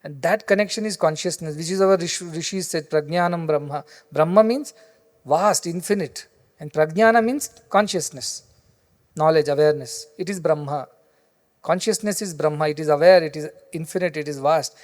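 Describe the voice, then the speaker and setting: A man's voice: fairly high pitch, moderate pace. A man, a spiritual teacher, giving a discourse that mixes explanation and storytelling in an explanatory, digressive way. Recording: long reverb in a large hall.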